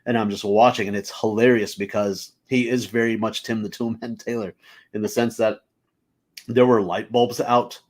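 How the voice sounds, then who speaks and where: A man with a fairly low voice, chatting as a guest comedian on a talk show. He tells his stories casually and animatedly, with many ums and uhs, and he acts out the voices of the people in them. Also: moderate pace. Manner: animated, filler-heavy, acts out quoted voices. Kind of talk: casual anecdotal storytelling.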